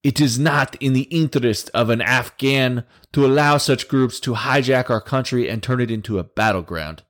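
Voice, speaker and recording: A man's voice: medium pitch, normal speed, a bit bright, pitched above the performer's own voice, natural voice. A man voicing a menacing male militant leader reading a statement, in a put-on sinister foreign accent.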